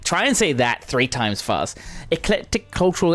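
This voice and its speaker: A man playing through a game and commenting casually, with excitable, gushing exclamations. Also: a little high, normal speed. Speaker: gamer streamer. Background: game music.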